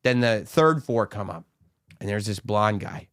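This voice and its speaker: A man's voice: on the low side, animated, measured pace, a bit bright, dry recording, clean studio sound. A man co-hosting a podcast, telling a long story in casual chat and acting out the people in it. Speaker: podcast co-host.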